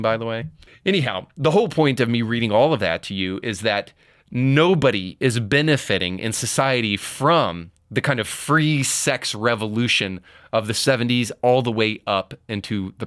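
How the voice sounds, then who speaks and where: A man with a fairly low voice delivers blunt, moralizing opinion commentary, pausing his reading of an article for sarcastic asides. The sound is dry and close, with no room around it. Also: lively intonation, a bit bright, clean tone, no echo. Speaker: commentary show host.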